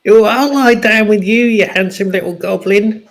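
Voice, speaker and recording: A man's voice: high-pitched, normal speed, vocal fry. A man playing Styx, a flirty goblin woman. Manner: flirty, teasing.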